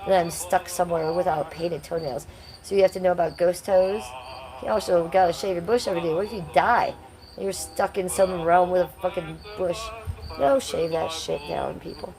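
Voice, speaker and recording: A woman's voice: fairly low pitch, steady tone, normal speed, crowd noise. A woman hosting a casual livestream, reading chat comments aloud in a brash, crude and playful way. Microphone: phone.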